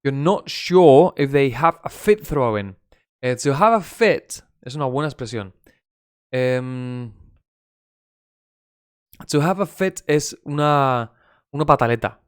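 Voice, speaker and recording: A man's voice: medium pitch, expressive, measured pace, pauses often, clean tone, no room sound, clean studio sound. A man from Spain with a Spanish accent whose first language is Spanish. He teaches an English lesson in a chatty, gossipy way, swears, and mixes in Spanish. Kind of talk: casual live-stream English lesson.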